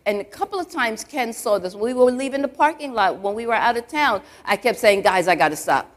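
Animated and fairly quick, with a voice on the high side, this woman is a church elder giving a live conversational sermon in a church. She chats away, sprinkling in "you know" asides and quizzing the congregation.

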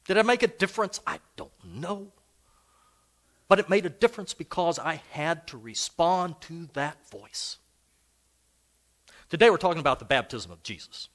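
With a sing-song, somewhat bright voice on the high side, an older pastor preaches at a moderate pace, leaving long pauses. The sermon is storytelling in style, conversational and full of personal anecdotes.

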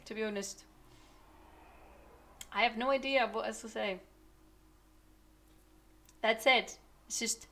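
A young woman who speaks natively, streaming casual commentary to her chat, ranting in an animated, exasperated way with laughs. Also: medium pitch.

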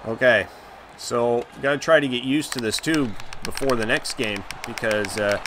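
A man commenting live on the hockey video game he is playing, reacting loudly to each play and groaning at his mistakes. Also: medium pitch, normal speed, noisy background. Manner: excitable, reacts loudly, groans and laughs at plays. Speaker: gaming channel host.

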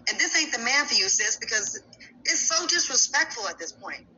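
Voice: medium pitch, sing-song, a little fast, bright, forceful tone. A host opening and running a gossip talk show in a casual, teasing way, often laughing. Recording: dull lo-fi sound with faint noise.

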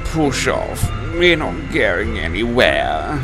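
A man's voice: lowish voice, big pitch swings, takes it slowly, full character voice. A man voicing a group of rude, mocking freight trucks in a storybook tale. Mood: jeering. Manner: taunting, giggling, sing-song. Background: background music.

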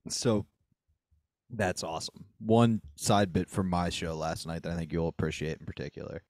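Deep voiced guy chatting, laid back, dry close sound. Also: normal speed, darkish tone, dry recording. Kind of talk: casual chat.

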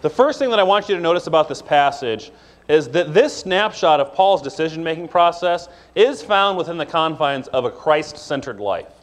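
A man preaching a sermon from the pulpit, his voice pitched on the higher side for a man. He talks in a relaxed, conversational way, speeding up through asides and slowing for emphasis. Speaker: pastor.

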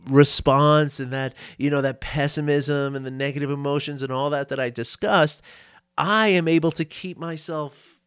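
A man's voice: on the high side, no room sound, clean studio sound. A man coaching on a solo podcast, talking casually and often checking in with "right?" and small laughs.

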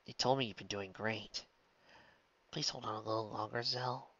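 A man reading a story and voicing a young husband who speaks in a hushed, faltering, tender way. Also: on the low side, fairly even intonation, moderate pace, recorded from a distance, highs cut off. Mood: faltering, loving. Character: young husband, gentle, anxious and devoted.

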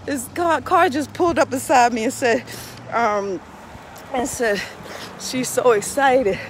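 A middle-aged woman pastor with a high voice chats and prays on a casual live stream outdoors. She laughs often between phrases, and faint traffic hums behind her. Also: unhurried. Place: outdoors near a street.

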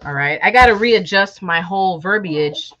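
A woman's voice: fairly low pitch, normal speed, fairly bright tone, lo-fi sound. A woman from Chicago, chatting casually and joking with viewers on a live stream while working on a sewing project at home. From Chicago, USA. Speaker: sewing vlogger.

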